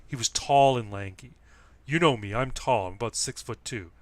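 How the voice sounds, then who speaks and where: A man's voice: mid-range voice, moderate pace, no echo. A man telling a rambling personal story on a casual talk show, with many restarts. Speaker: guest. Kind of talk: casual chat.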